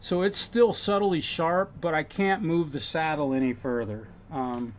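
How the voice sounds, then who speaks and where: A man's voice: fairly high pitch, measured pace. A man working as a guitar repair technician, thinking aloud and chatting casually with viewers as he works in his workshop. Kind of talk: casual workshop stream talk.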